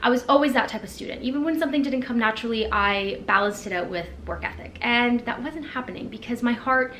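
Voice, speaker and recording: A woman's voice: a little high, fast talker, a bit bright. A woman in her twenties talking candidly to the camera in a casual vlog, reflective and sprinkled with fillers. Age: 20s. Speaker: vlogger. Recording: echoey with faint background noise.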